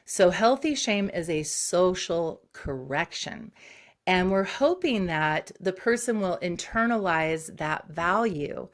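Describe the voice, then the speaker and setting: A woman psychologist, a guest on an interview show, who explains concepts briskly and acts out short examples. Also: fairly low pitch, animated. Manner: explains quickly with acted-out examples.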